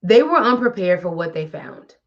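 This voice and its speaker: A woman's voice: lowish voice, big pitch swings, moderate pace, creaky, dull audio. Blunt, chatty woman wellness host. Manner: blunt, chatty, addresses listener directly. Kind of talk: casual motivational talk.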